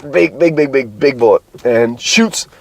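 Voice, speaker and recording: A man's voice: medium pitch, expressive, measured pace, creaky, rough recording. A man co-hosting a casual movie podcast over a video call, retelling scenes with sound effects. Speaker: podcast co-host.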